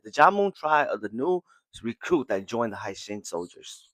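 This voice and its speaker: A man's voice: medium pitch, very animated, a little slow, a bit bright, no echo. Man casually recapping an anime episode. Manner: retells scenes, briefly acting out characters' lines. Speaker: podcast host.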